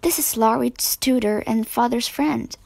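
A woman's voice: a little high, a little slow, creaky, darkish tone, no echo. A woman voicing an earnest, firm young woman, the eldest sister, in a storybook.

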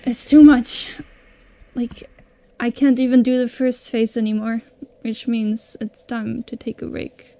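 A woman's voice: fairly high pitch, steady tone, a little slow, mellow. A woman streamer chatting casually with viewers while she plays, laughing often. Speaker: gaming streamer. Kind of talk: casual live-stream gameplay chat.

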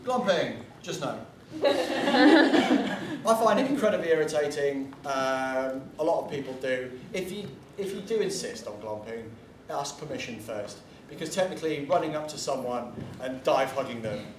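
A man's voice: mid-range voice, animated, normal speed, hardly any pauses, background noise. A man giving a casual convention panel talk, chatty and blunt, drifting into asides and the odd swear word. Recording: echoey room from far off, faint ambience.

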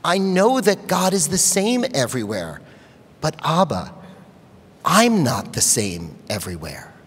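A man's voice: fairly high pitch, wildly swooping pitch, unhurried, husky, exaggerated voice. A man voicing a rabbi's earnest third-grade daughter, sweet and a little sassy, heard with the long reverb of a large sanctuary.

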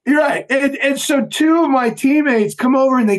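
A man's voice: extremely high pitch, fairly quick, hardly any pauses. A man, a former Navy SEAL, telling a story as a podcast guest and acting out the people in it. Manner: animated storyteller, acts out quoted voices. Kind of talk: storytelling interview talk.

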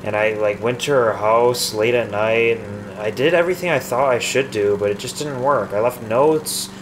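A man co-hosts a casual let's play, delivering dark jokes in a deadpan way. His voice sits at an everyday middle pitch. The air conditioning hums steadily behind him. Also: normal speed, background noise. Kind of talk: casual gameplay chat.

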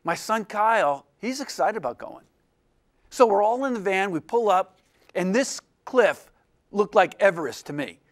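A man, an illustration professor, telling a personal story in a lecture to a room of students, animated and self-deprecating, acting out the voices of the people in it. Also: sits high, normal speed.

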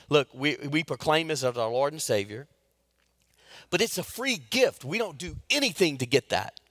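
A middle-aged man preaching a sermon as pastor, telling stories in a folksy way and swinging from loud to hushed. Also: fairly high pitch, no echo, studio quality.

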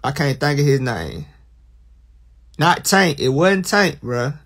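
A man's voice: a little high, husky. A young man, talking casually and teasingly to viewers on a livestream. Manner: teasing, animated, drawn-out bursts of mock alarm. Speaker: livestream host.

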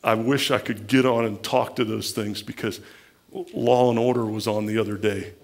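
A man's voice: lowish voice, steady tone, moderate pace. A man with a Midwestern American accent, a pastor preaching a conversational sermon who acts out the people he quotes.

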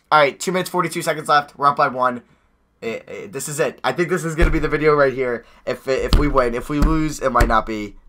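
Nervous, excitable young man narrating gameplay. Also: medium pitch. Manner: anxious, excitable, talks to players on screen. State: hoarse. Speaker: gaming YouTuber. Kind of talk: live gameplay commentary.

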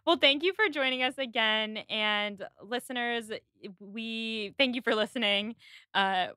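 A woman hosting a podcast, chatting casually and retelling scenes with quick quoted lines. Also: fairly high pitch, sharp tone, smooth, no room sound, clean studio sound. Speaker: podcast host. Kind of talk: casual chat recapping a period drama.

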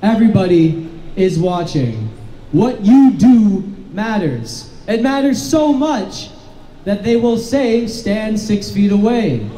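A man giving an impassioned rally speech outdoors in the rain, repeating slogans and rising to shouts. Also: high-pitched, lively intonation, slow, echoey room, slight background noise, low-quality recording. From Canada. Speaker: rally speaker. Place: street protest outdoors in the rain.

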